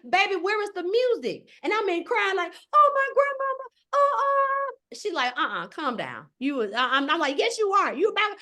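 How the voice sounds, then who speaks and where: Woman, high voice, live online class, chatty, keeps asking "okay?". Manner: animated, conversational, often asks "okay?". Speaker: spiritual astrology teacher.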